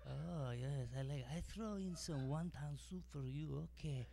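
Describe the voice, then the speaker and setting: A man's voice: fairly high pitch, very animated, normal speed, warm tone, voice pushed up. A stand-up comic voicing a chatty, fussy male takeout restaurant clerk who keeps saying hold on.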